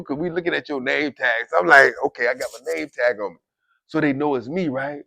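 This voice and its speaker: This man's voice is fairly high and brisk, with vocal fry. He casually recounts prison life to camera in animated fashion, talking directly to listeners and imitating the guards and inmates he quotes.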